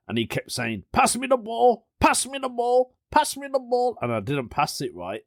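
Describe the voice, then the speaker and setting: A man's voice: mid-range voice, no echo, clean studio sound. A young man hosting his own podcast, chatting and telling stories casually and laughing often. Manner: chatty storyteller, laughs often, British slang like "innit". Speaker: podcast host. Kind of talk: casual solo podcast chat.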